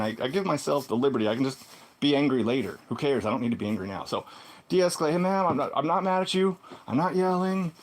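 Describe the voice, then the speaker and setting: A man telling a personal story in a casual vlog monologue, swinging between loud exclamations and low muttered asides. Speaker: vlogger.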